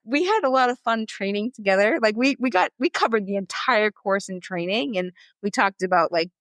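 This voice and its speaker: Woman, marathon coach, podcast guest, animated storyteller, dry close sound. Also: mid-range voice, no room sound. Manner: animated, quick storyteller acting out quotes. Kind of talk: casual storytelling interview.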